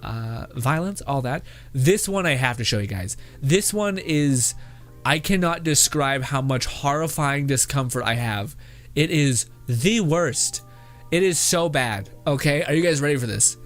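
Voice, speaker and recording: A man's voice: mid-range voice, lively intonation, a little slow, faint music behind. A man hosting a casual reaction video who rambles, swears freely and keeps breaking into laughter.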